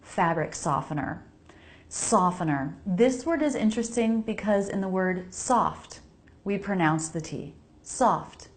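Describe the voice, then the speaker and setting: An animated American woman with a mid-range voice and measured pace leads an English pronunciation lesson in her home laundry area. She models every sound carefully and repeats words for viewers to practice with her.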